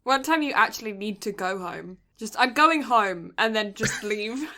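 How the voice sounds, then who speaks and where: A woman's voice: mid-range voice, animated, moderate pace, bright, forceful tone. A woman co-hosting a podcast in casual chat, with a Southern US accent, teasing and giggling often. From Southern United States. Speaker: podcast co-host.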